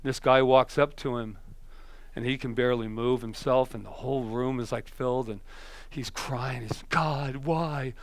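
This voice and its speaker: A male minister giving a conversational sermon, telling stories that swing from emphatic to hushed. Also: mid-range voice, little pitch movement, normal speed, no room sound.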